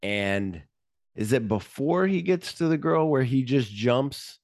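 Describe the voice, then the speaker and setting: A man co-hosting a casual movie podcast, retelling scenes in an animated way and acting out lines from the film. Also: medium pitch, slow pace, dry recording, studio quality. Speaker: podcast co-host.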